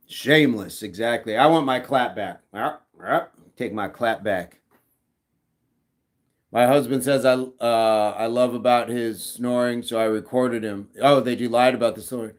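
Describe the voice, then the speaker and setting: A man's voice: medium pitch, unhurried. Man, middle-aged, livestream host, casual, jokey, laughs a lot. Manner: jokey, laughs often, reads chat messages aloud. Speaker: livestream host reading chat. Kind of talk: casual live chat.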